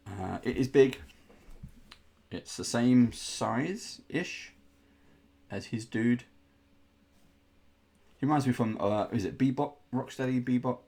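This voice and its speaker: Husky-voiced man, chatty unboxing host. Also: mid-range voice, slow pace, long pauses, a little mellow. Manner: chatty, rambling, with playful groans of disgust. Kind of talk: casual unboxing commentary.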